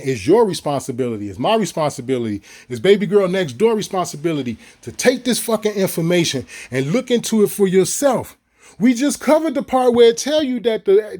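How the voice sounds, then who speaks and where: High-voiced, profane man ranting. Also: darkish tone. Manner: profane, heated, repetitive. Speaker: video creator. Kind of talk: ranting monologue to viewers.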